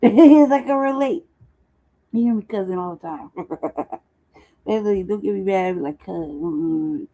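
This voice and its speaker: A woman's voice: medium pitch, warm tone. A woman hosting a casual commentary chat, laughing often and talking in loose slang. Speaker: host. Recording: dull lo-fi sound.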